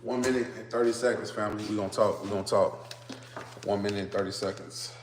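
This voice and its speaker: A man's voice: on the low side, steady tone, quick pace, a little hiss or hum. A man, talking casually to viewers on a livestream from a phone on a stand, greeting them over and over and then ranting as he explains. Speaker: vlogger.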